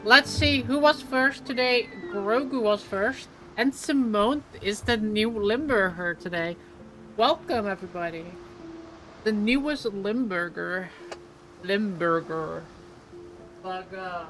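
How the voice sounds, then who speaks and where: A woman's voice: mid-range voice, a little slow, a bit bright, soft background music, poor audio. A young adult woman streaming a game live, chatting casually and playfully with lots of "like" fillers. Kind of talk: casual live gameplay chat.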